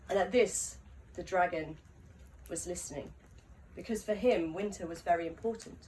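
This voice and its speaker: A woman telling a story aloud at a live gathering, unhurried and often laughing mid-sentence, in a live recording from a distance. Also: fairly low pitch, darkish tone, slight background noise.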